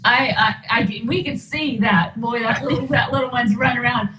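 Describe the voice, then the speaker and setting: A woman's voice: fairly high pitch, moderate pace, roomy sound, distant mic, noisy background. A woman hosting an interview, gushing and emotional as she responds to the story. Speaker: host. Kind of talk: casual interview.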